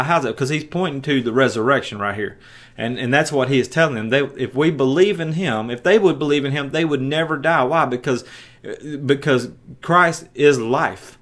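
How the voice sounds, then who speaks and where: A man's voice: medium pitch, normal speed, a bit bright. A man preaching a sermon, reading scripture aloud and breaking in with emphatic, punchy asides, often stumbling over and repeating words. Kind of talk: sermon with Bible reading and commentary.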